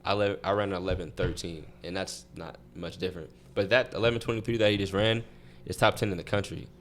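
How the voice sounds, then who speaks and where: Deep-voiced young man telling stories. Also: fast talker, a little hiss or hum. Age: young adult. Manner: relaxed, rambling storytelling with many restarts. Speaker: guest athlete. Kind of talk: casual interview chat.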